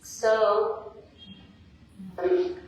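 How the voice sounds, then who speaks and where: A woman telling a devotional story at a temple class, slowly and haltingly, searching for words. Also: fairly high pitch, lively intonation, a little mellow. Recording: echoey hall, voice from far off, faint hiss.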